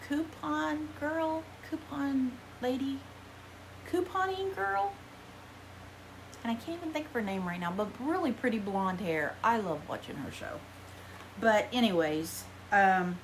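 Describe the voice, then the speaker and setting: Rambling American woman vlogger, lively pitch. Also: a little hiss or hum. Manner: chatty, rambling, self-deprecating. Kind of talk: casual haul chat.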